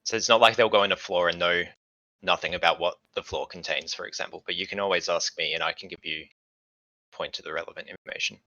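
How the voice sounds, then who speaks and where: A man running a tabletop game as game master, explaining things in a relaxed way with fillers. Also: low-pitched, fast talker, no echo, highs cut off.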